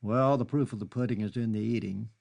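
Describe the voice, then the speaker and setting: A man reading an audiobook, voicing a charming English gentleman with a deep, coaxing manner. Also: fairly even intonation, brisk, creaky. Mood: dismissive. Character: smooth-talking English gentleman, charming seducer.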